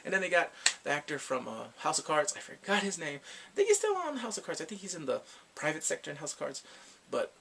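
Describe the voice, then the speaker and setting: A man casually reviewing a TV series in slangy, animated chat, laughing often. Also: on the high side, quick pace, vocal fry, breathy edge. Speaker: show reviewer.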